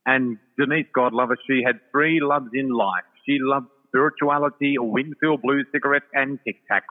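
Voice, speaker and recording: A man's voice: mid-range voice, fairly even intonation, moderate pace. An older man with an Australian accent tells his story in a chatty, effusive manner, with many ums along the way. His voice sits in a middling register. It comes through a tinny, phone-like line with a long, hall-like reverb. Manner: warm, chatty, effusive, full of fillers. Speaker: psychic guest. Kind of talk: casual storytelling chat.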